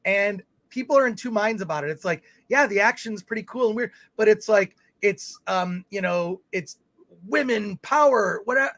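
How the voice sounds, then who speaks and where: A man's voice: sits high, lively intonation, normal speed, a bit bright, dry recording. A man co-hosting a live film talk show, rambling through his points with many restarts and reading viewer comments aloud. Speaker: podcast co-host. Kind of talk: casual chat.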